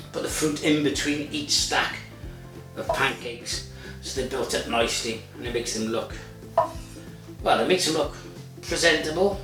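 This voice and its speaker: Recorded from afar in an echoey room with background music, this cooking show host in his forties jokes around, chats and swears without restraint. His voice sits a little high, creaky and fairly bright.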